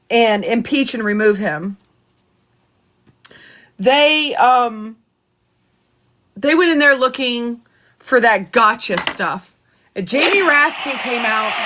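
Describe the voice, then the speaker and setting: A woman's voice: on the high side, a bit bright. A woman vlogger delivering a heated, profane live rant on politics. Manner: heated, profane, fast-talking.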